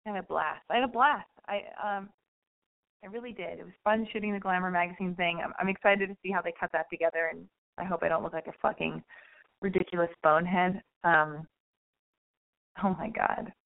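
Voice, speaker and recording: A woman's voice: fairly low pitch, steady tone, a little fast, vocal fry. A young adult woman hosting a call-in advice radio show, talking candidly and rambling with profanity. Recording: phone-like narrow band.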